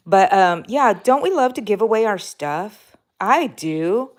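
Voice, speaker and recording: A woman hosts a relaxed crochet live stream, talking to her viewers as she works. Her talk is chatty and rambling, full of fillers and quick self-corrections. Her pitch sits in an ordinary middle range. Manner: talks while crocheting. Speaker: crochet livestream host. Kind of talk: casual live-stream chat reading out viewer comments.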